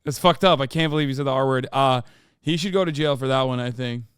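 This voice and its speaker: A man's voice: medium pitch, quick pace, clean tone, no room sound, clean studio sound. A man streaming live, reacting to a clip in casual, blunt commentary full of swearing and disbelief. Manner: blunt, heavy swearing, incredulous.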